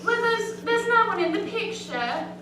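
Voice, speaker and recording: A woman's voice: very high-pitched, lively intonation, normal speed. An actress playing a gushing, sentimental woman in a stage play. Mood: sweet. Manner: gushing, effusive. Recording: echoey theater, mic far off, very noisy.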